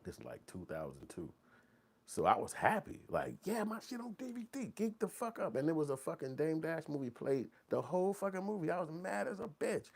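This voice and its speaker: A man, telling stories in profane, animated casual commentary. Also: lowish voice. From Chicago. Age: 40s. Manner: animated, profane, rambling street talk. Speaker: movie channel host.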